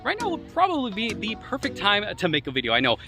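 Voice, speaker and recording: A man's voice: high-pitched, huge pitch swings, fast, over music. A man chatting casually about earbuds while walking outdoors, recorded on a phone he carries, talking loosely with lots of fillers. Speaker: tech vlogger. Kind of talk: casual walk-and-talk review. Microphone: phone he carries with him.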